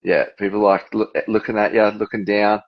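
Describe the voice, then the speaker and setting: A man's voice: on the low side, level tone, normal speed, dull audio. An Australian man on as a guest, telling a work story in laid-back casual chat.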